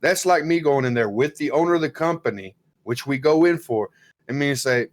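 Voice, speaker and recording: A man's voice: fairly high pitch, fast talker. A man co-hosting a casual podcast, talking bluntly, swearing freely and acting out quoted people. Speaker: podcast co-host.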